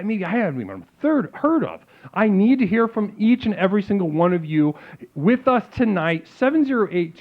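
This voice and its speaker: A man hosting a comedic call-in show, talking like a calm guru and then breaking into sudden crude outbursts. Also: high voice. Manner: mock-serene guru talk, abrupt crude outbursts. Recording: phone-like lo-fi sound with faint music.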